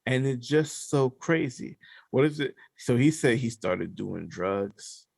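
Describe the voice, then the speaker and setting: A man co-hosting a podcast, telling a story in slangy casual chat, animated and sometimes dropping to a hush. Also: medium pitch, takes it slowly, gravelly, no room sound, studio quality. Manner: animated storyteller, slangy, drops to hushed tones. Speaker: podcast co-host.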